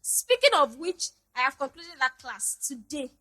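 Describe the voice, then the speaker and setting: A young woman with a Nigerian English accent, hosting a podcast and telling a personal story in an animated, dramatic way. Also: high-pitched, unhurried, poor audio. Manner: animated, dramatic, laughing retelling. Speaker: podcast host. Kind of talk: casual storytelling monologue.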